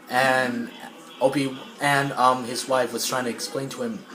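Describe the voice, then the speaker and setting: A man's voice: medium pitch, flat delivery, a little slow, crowd noise. A man casually rambling through a story while playing a game, full of fillers and restarts. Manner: rambling, many fillers and restarts, clears throat. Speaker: gamer retelling a film plot. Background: game music.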